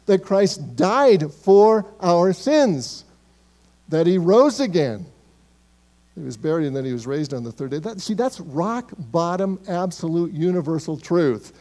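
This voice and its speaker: A man preaching a sermon as pastor in a church, emphatic and swinging between loud declarations and hushed, quiet words. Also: fairly high pitch, expressive, unhurried. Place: church sanctuary.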